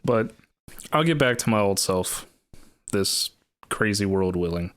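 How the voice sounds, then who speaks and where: Deep smooth-voiced man playing a game. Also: lively intonation, unhurried, a bit bright, no room sound. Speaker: tabletop game player. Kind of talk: casual in-character play.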